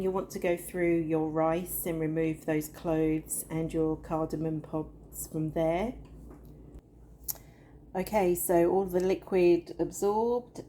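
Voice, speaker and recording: A woman's voice: fairly low pitch, warm tone, a little hiss or hum. A middle-aged woman giving a chatty cooking demonstration from her home kitchen, talking straight to the viewer. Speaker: cooking vlogger.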